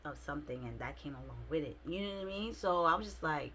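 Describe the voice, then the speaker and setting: A young adult woman vlogging a casual storytime, expressive and slangy, with many fillers. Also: low voice, fast, a little hiss or hum.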